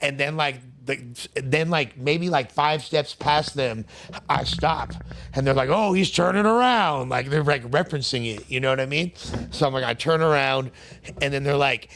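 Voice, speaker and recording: A man's voice: mid-range voice, fairly even intonation, moderate pace, fairly bright tone. A man in a casual interview telling wild stories in heavy street slang. His voice sits mid-range, and he keeps dropping into the voices of the people he quotes. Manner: slangy, streetwise storytelling with frequent fillers. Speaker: interview guest.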